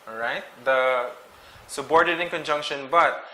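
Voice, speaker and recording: A man's voice: mid-range voice, bright, forceful tone, poor audio. A man teaching a grammar lesson, explaining patiently, often checking in with "okay?" and correcting himself mid-phrase. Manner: explains slowly, checks with frequent "okay?", restarts and self-corrects. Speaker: English teacher.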